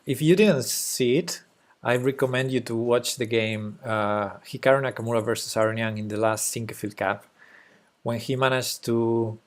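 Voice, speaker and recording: Speaking at a medium pitch, a young man with a Spanish accent, whose native language is Spanish, talks through chess moves on a casual live stream. He sounds hesitant, dropping in fillers and little soft laughs.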